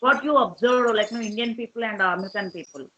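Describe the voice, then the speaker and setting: A woman's voice: on the high side, fast, bright, forceful tone, highs cut off, slight background noise. A woman hosting a chat, talking hesitantly with many fillers and restarts. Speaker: host. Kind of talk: casual interview chat.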